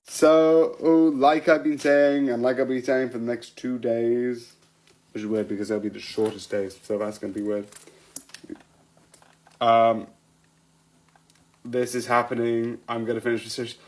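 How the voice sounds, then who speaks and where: A man's voice: medium pitch, flat delivery, unhurried, long pauses, a little mellow, low-quality recording. A man chatting loosely about a show, voice in an ordinary middle register. He laughs often, trails off and restarts sentences, the easy feel of a home vlog. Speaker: vlogger reviewing TV episodes. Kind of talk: casual rambling commentary.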